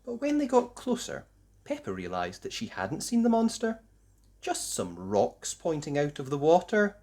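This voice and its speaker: A woman reading a children's storybook aloud with slow, expressive, sing-song delivery. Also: deep voice. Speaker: story reader.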